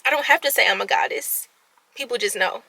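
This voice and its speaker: Young woman venting, bright tone. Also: a little high, brisk, no echo, rough recording. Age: 20s. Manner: candid, expressive, swings between soft and loud. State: voice cracking, close to tears. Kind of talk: emotional personal venting.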